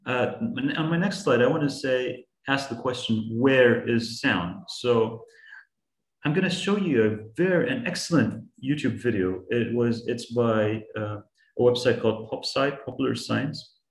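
A man with a mid-range voice teaches an online science class to young students as a guest speaker, and the room sounds echoey. He is patient and encouraging, posing questions to the kids while he explains.

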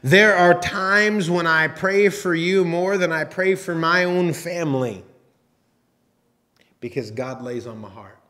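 A man preaching a sermon as pastor, talking in a conversational, halting way with restarts and teasing asides. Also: fairly high pitch, sharp tone. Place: church sanctuary.

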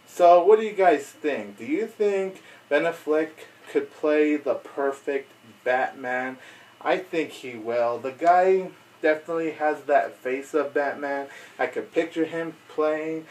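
A man vlogging in a loose, chatty, excitable way with a somewhat high voice. He sounds a bit distant from the mic. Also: slow. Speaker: video blogger. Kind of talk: casual unedited chat to camera.

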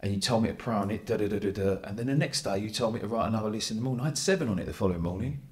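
A man's voice: lowish voice, racing, a little mellow. A man hosting a podcast interview, chatty and encouraging, with frequent agreeing backchannels. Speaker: podcast host. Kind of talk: casual interview chat.

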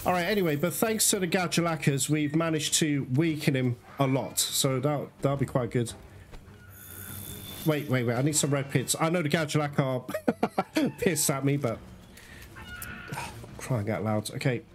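A man's voice: a little high, normal speed, long pauses, a little hiss or hum. A man giving let's play commentary, getting frustrated, swearing and apologizing to his viewers. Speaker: gaming streamer. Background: loud game music.

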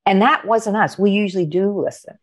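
A woman's voice: mid-range voice, brisk. A middle-aged woman coach, a guest on an interview, telling stories with animation and acting out the dialogue of other people. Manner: animated, acts out quoted dialogue. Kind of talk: conversational storytelling.

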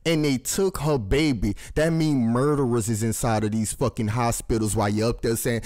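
A man's voice: mid-range voice, lively intonation, brisk, few pauses, darkish tone. A man hosting his own commentary show, ranting angrily in a preachy, profane style with constant swearing.

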